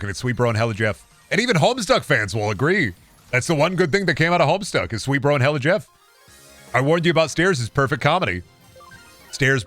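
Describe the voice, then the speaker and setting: A man's voice: medium pitch, a bit bright. A male streamer in casual live-stream chat, ranting sarcastically and swearing.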